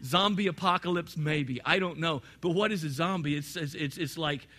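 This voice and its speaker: Man preaching, lively delivery, quiet asides then loud emphasis, high voice, very bright tone. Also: normal speed. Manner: animated, talks to the congregation directly, swings from quiet to loud. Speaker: pastor. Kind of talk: sermon.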